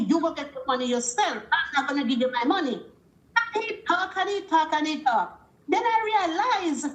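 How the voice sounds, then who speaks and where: A woman caller with a strikingly high voice recounts her story with animated energy, putting on the voices of the people she quotes. Her phone-in audio carries a roomy echo around it. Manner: animated, acts out quoted dialogue. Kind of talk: call-in storytelling.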